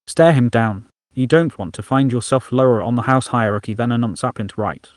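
A man's voice: medium pitch, brisk, no echo, clean studio sound, natural voice. A man doing an offbeat, musing inner voice. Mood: scheming. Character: odd, whimsical inner voice, curious and offbeat.

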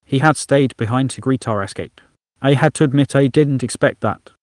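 A man's voice: medium pitch, moderate pace, darkish tone, dry recording, studio quality. Man narrating a sci-fi story. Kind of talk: first-person story narration.

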